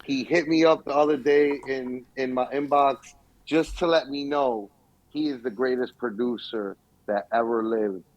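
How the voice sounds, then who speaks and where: A young man co-hosting a podcast in casual chat, telling stories with lively acted-out quotes. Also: medium pitch, normal speed, dry recording, highs cut off. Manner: animated storytelling, acts out quotes. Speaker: podcast co-host.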